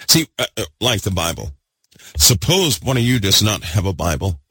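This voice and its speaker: Fervent preacher man, deep and husky. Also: big pitch swings, normal speed, no room sound. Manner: fervent, repetitive, swings between loud and hushed. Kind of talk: sermon.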